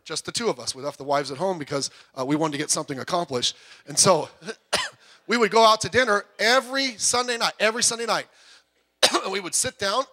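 A middle-aged man preaching a sermon in a church, talking in a conversational, animated way with stories and asides. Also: high voice. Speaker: associate pastor. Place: church sanctuary with speakers.

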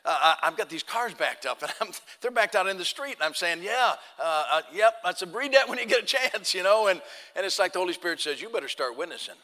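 A man's voice: high-pitched, expressive, a little fast, sharp tone. A man preaching, telling a folksy story and acting out both sides of the talk. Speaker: pastor. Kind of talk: sermon storytelling. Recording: long hall reverb.

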